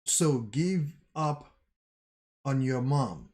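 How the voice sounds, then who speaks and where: A man voicing a blunt, stubborn young male soldier, reading his lines slowly and flatly. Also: medium pitch. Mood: bitter.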